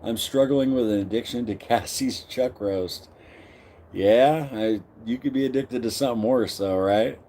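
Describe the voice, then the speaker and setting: A man's voice: mid-range voice, a little slow, dark tone, slight background noise. A middle-aged man hosting a casual live stream, greeting viewers by name and reading their comments aloud.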